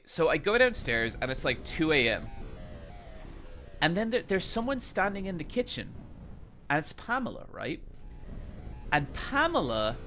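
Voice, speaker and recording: A man streaming a game while telling a casual, animated story and swearing freely. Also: on the high side.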